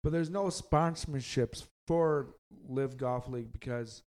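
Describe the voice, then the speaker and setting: A man's voice: mid-range voice, a little slow, darkish tone. A man hosting a casual sports podcast, loose and rambling, often joking. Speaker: podcast host.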